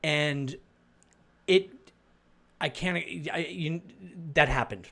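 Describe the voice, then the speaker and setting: Middle-aged man, Arizona-raised, halting testimony, mid-pitched everyday voice. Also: a bit bright. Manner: rambling, halting, with restarts and fillers. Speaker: storyteller. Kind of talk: personal testimony.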